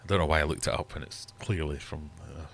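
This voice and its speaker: A man's voice: very deep voice, fairly even intonation, fast, creaky, fairly bright tone, husky. A man hosting a live-stream quiz from his fish room, chatty and teasing his viewers. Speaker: livestream host running a quiz. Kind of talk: casual live-stream chat.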